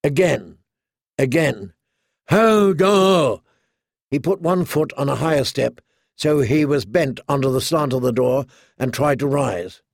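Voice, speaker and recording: A man narrating a fantasy novel in a measured storytelling manner. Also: medium pitch, vocal fry, a little mellow, no echo, clean studio sound. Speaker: audiobook narrator.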